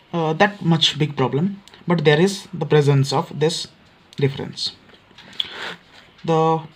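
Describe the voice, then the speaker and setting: Male teacher, Odia English accent, slightly high voice, explanatory lecture pace with hesitant fillers. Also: slight background noise. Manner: frequent fillers and restarts, repeats key points. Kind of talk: explanatory lecture for exam students.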